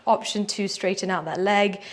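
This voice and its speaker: A young woman leading a guided yoga class, giving calm, encouraging cues and counting holds aloud. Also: mid-range voice, moderate pace. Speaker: yoga instructor.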